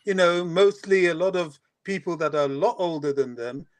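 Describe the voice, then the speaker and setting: A man calls into a fan stream and argues his point earnestly and emphatically, with a preachy edge. His voice sits high for a man. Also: moderate pace. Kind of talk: impassioned opinion.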